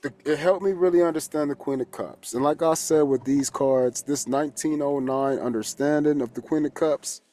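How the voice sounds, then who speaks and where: A man's voice: a little high, normal speed, hardly any pauses, dark tone. A man, a holistic coach and tarot reader, talking casually and candidly, rambling, swearing freely and restarting his sentences. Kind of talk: casual spoken reflection.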